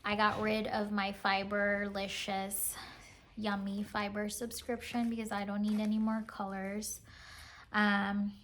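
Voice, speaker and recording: Slow-talking chatty woman vlogger. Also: medium pitch, completely flat delivery, a bit bright, slight background noise. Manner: chatty, giggly, says "like" often. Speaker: cross-stitch vlogger. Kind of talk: casual show-and-tell chat.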